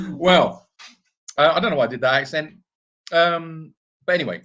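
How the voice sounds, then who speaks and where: A man's voice: fairly high pitch, fairly bright tone, muffled recording. A man co-hosting a live stream from an animal sanctuary, telling rambling stories in a casual chat. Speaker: sanctuary co-host.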